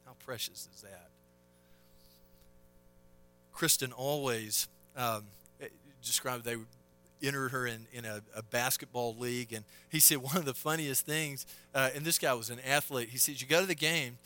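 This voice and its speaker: A man preaching a sermon at a conference, telling a story and moving from loud emphasis to hushed tones. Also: medium pitch, normal speed. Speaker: conference speaker.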